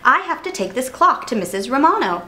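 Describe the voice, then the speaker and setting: An eager young wooden puppet boy from a storybook speaks plainly and boyishly, as a woman reads him aloud. His voice moves around in a lively way. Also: high-pitched, fairly quick, exaggerated voice. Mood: sorry.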